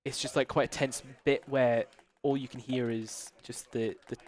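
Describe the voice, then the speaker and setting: A man's voice: medium pitch, flat delivery, moderate pace, darkish tone. A man from the United Kingdom giving casual live commentary on his own speedrun, explaining the game as he plays and using a lot of fillers.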